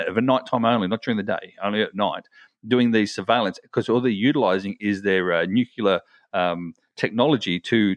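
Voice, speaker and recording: A lower-pitched man co-hosts a podcast in easy conversation, spinning long stories and circling back on himself. His voice sits close to the mic with no room sound at all. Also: dry recording, highs cut off. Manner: rambling, builds long stories with many restarts. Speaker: podcast co-host. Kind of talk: casual chat.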